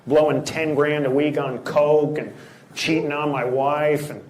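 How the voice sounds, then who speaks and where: Deadpan stand-up comic man. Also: a little high, measured pace. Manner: deadpan delivery with crowd work. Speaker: stand-up comedian. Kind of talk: stand-up comedy set. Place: large theater. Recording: echoey hall with loud noise and crowd.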